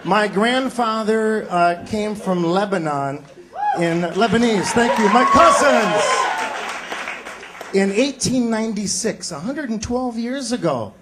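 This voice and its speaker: High-voiced male stand-up comic. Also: slow pace, a loud crowd, very noisy. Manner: animated punchline delivery, slips into character voices. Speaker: stand-up comedian. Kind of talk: stand-up comedy set. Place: theater stage before a live audience. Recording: live stage recording with loud audience laughter.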